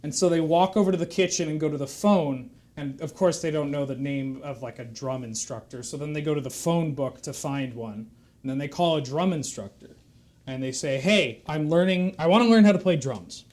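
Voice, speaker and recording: A man spins a drawn-out shaggy-dog joke in a deadpan, meandering way, stopping to over-explain small details. His voice sits a bit high for a man. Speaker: comedian telling a joke.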